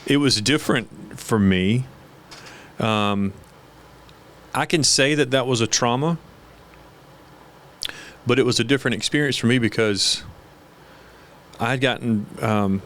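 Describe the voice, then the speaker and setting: A middle-aged man hosting a podcast, talking in a gentle, hesitant way as he searches for words. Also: mid-range voice, measured pace, long pauses. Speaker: podcast host. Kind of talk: casual interview conversation.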